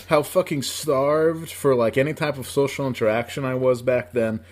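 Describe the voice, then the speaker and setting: A man in his thirties from upstate New York co-hosts a podcast, telling a long, rambling, profane story in a casual way and laughing often. His voice is medium-pitched with fairly even intonation and a moderate pace.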